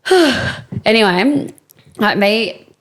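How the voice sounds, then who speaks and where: Animated woman telling a story. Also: mid-range voice, fairly quick. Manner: animated, acts out quotes, many fillers. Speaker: podcast co-host. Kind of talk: casual storytelling chat.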